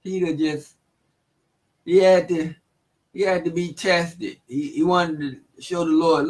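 A man teaching the Bible in a relaxed, casual way, reading verses and retelling them in everyday speech with frequent chuckles. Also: fairly high pitch, takes it slowly, low-quality recording.

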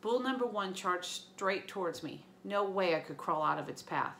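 A woman teacher reading a novel aloud to her students, with lively storytelling and small slips. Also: lowish voice, moderate pace, gravelly, a little hiss or hum.

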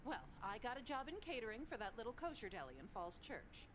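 A woman voicing a self-absorbed divorced mother in a game, chirpy and turning shrill when crossed. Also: big pitch swings, quick pace, background noise. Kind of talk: game voice acting.

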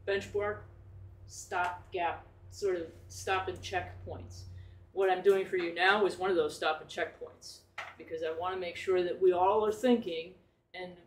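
High-voiced man presenting in an echoey room. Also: slight background noise. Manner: explanatory, rephrasing and self-correcting, with rhetorical questions. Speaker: school administrator presenting a plan. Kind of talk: formal presentation at a public meeting. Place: meeting room. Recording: echoey room, distant mic.

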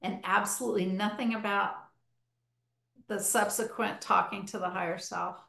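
Recorded in an echoey room, a hypnotherapy practitioner hosting a podcast shares stories from her sessions with enthusiasm. Her medium-pitched voice is creaky, bright, and forceful, with fairly even intonation and a moderate pace.

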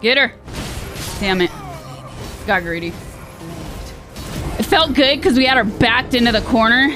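A woman streaming a video game, commenting as she plays, frustrated and sarcastic, yelling when she gets hit. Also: fairly high pitch, animated, a little slow. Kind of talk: live gameplay commentary. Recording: game music behind the voice.

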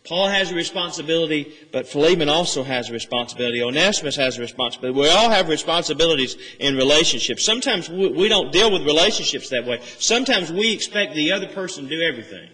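A man preaches an earnest sermon, working through a scripture passage and leaning hard on the phrases he wants remembered. His voice sits a little high and comes across bright and forceful. It rings out with the long reverb of a church sanctuary. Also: animated, fast, hardly any pauses. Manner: earnest expository preaching, rising emphasis on key phrases.

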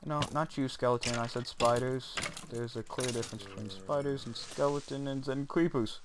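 A young man rambling goofily as he comments on his gameplay, joking at his own expense and talking straight to his viewers, his voice jumping up high when he gets excited. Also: normal speed, hardly any pauses, a little hiss or hum. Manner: goofy, self-mocking, talks to viewers, voice jumps up when excited. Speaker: gaming channel host.

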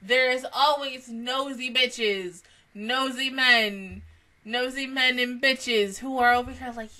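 A young woman giving casual, profane anime reaction commentary, animated and rambling, tired from little sleep. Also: a little high, takes it slowly, pauses often.

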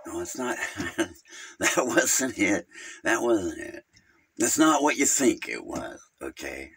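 A man's voice: lowish voice, sing-song, slow pace, vocal fry, fairly bright tone, slightly rough, exaggerated voice. A man playing a rambling, gossipy male Jehovah's Witness who halts, hums and giggles at his own crude jokes in an improvised comedy monologue.

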